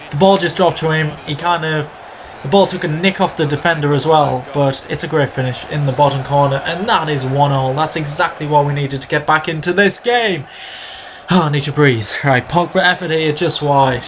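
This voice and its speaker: A man hosting a gaming video, giving chatty play-by-play of his own match and breaking into excited shouts when goals go in. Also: fairly high pitch, slight background noise. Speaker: gaming channel host. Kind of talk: video game commentary.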